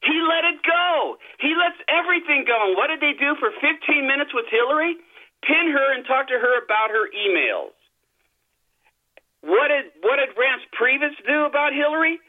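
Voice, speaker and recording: A man's voice: extremely high pitch, animated, normal speed. Upset male caller on a phone line. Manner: heated, indignant, repeats himself. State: upset, voice breaking. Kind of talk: angry call-in rant.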